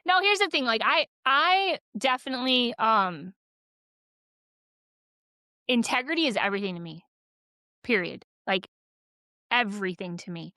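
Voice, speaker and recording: Woman podcast co-host, chatty, animated, dry close sound. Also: a little high, unhurried, pauses often, no echo. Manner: animated, chatty storytelling full of "like". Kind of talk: casual chat.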